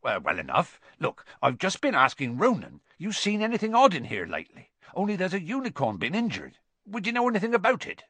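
A man voicing a huge, gruff male half-giant gamekeeper who talks bluntly in fast, rough bursts, as a storybook reading. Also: high-pitched, huge pitch swings, a bit bright, no room sound, pitched above the performer's own voice, full character voice. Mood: pressing.

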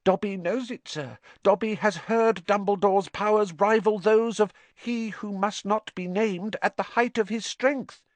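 A man's voice: unhurried, few pauses, no echo. A man voicing a small, anxious, servile male house-elf who pleads and speaks of himself in the third person, in an audiobook. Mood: pleading. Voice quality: squeaky, high and breathy. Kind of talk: audiobook character voice.

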